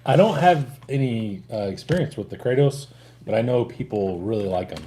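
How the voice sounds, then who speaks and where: A man's voice: mid-range voice, expressive, moderate pace, warm tone, a little hiss or hum. A man hosting a casual livestream chat, laid-back, laughing easily and swearing freely. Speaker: host.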